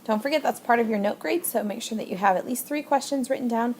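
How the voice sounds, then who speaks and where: A woman's voice: on the high side, fast, a little mellow, a little hiss or hum. A woman teacher explaining Spanish verb endings step by step in a recorded video lesson, patient and plain, with frequent fillers.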